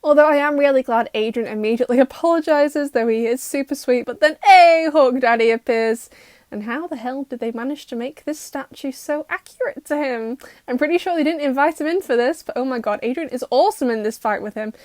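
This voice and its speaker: A young woman recapping a cartoon episode in a sarcastic, exasperated roast, putting on quick mock voices for the characters. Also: sits high, a little mellow, no room sound, clean studio sound. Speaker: YouTuber reacting to a cartoon.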